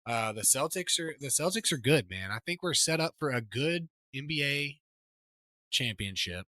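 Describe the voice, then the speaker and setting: A man's voice: mid-range voice, expressive, moderate pace, sharp tone, no room sound. A man co-hosting a sports podcast in casual chat, talking in an emphatic, rambling way with many restarts. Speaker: podcast co-host.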